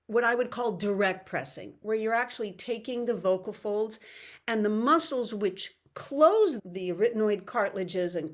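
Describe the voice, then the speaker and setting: A middle-aged woman voice coach giving an upbeat, explanatory online workshop lecture over a video call. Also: mid-range voice. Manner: upbeat, explanatory, breaks into sung demonstrations.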